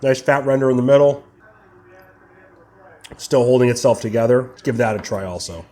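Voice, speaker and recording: A young man hosting his barbecue channel, chatting casually while tasting brisket and sometimes talking with his mouth full. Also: mid-range voice, mellow. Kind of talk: casual cooking vlog, tasting and reviewing.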